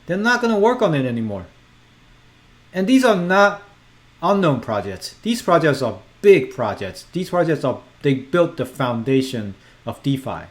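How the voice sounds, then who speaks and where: Animated man giving crypto commentary. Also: a little high, moderate pace. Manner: animated, emphatic, repeats himself to reassure viewers. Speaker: crypto YouTuber. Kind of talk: casual commentary to camera.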